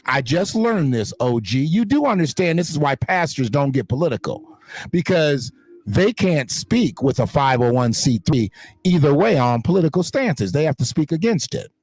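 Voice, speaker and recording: A man's voice: on the high side, a little mellow, no echo. Blunt, profane man ranting on camera. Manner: blunt, emphatic, rambling. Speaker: online show host. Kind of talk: profane casual commentary.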